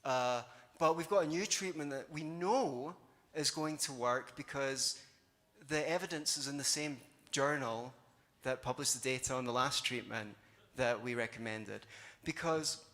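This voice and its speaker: A man's voice: mid-range voice, unhurried, sharp tone. A man giving a live conference talk, conversational and wry, with sarcastic asides. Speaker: conference speaker. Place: conference hall. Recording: long hall reverb.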